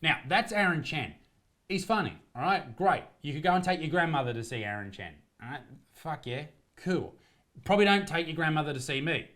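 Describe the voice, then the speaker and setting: A man's voice: a little high, animated, fairly quick, a bit bright, a little hiss or hum. An Australian man, a comedian, delivering a profane, combative rant in a commentary video.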